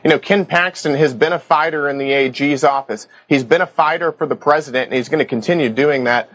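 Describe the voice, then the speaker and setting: A man's voice: a little high, brisk, fairly bright tone, dry recording. A man answering an interview question, talking assertively in campaign points. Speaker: politician in interview.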